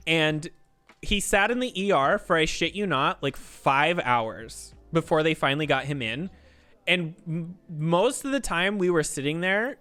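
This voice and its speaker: A man's voice: fairly high pitch, bright, forceful tone, clear, resonant tone. A man streamer telling a story in a casual, ranting way, swearing a lot.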